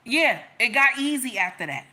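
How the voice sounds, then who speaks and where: A woman shares her own story as relationship advice to her listeners. She talks emphatically, repeating key lines and calling them y'all. Her voice is bright and forceful, set a little high. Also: sing-song, moderate pace. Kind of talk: personal storytelling to an audience.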